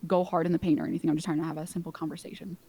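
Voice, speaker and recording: A woman streamer debating on a call, rushing through her points with quick restarts. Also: low-pitched, little pitch movement, warm tone, slightly rough. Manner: rapid, hesitant restarts.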